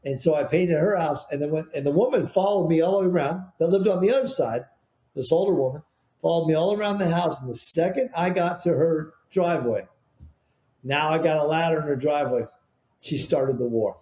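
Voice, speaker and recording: A man with a slightly high, mellow voice tells rambling, animated stories as a podcast guest. The room around him is roomy and echoey. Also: brisk. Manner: rambling, animated storyteller with restarts. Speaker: podcast guest, business founder. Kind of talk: casual storytelling interview. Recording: roomy echo.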